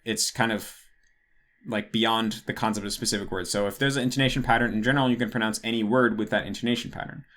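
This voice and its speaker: Fast and steady, with a slightly bright, lowish voice, a young host works through patron questions in a casual Q&A monologue. He rambles, keeps correcting himself, and uses "like" constantly.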